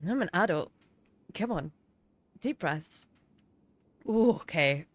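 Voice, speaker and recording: A woman's voice: fairly low pitch, lively intonation, takes it slowly, no echo. A woman streaming a roleplay game as an HR rep, giggling helplessly and teary from laughing. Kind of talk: live-streamed roleplay chat.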